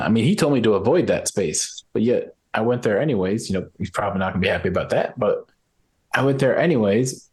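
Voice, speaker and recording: A man's voice: medium pitch, a little mellow, natural voice. A man playing an anxious young male mechanic who stumbles through confessing a secret in a tabletop role-play. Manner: halting, restarts, rushed worry.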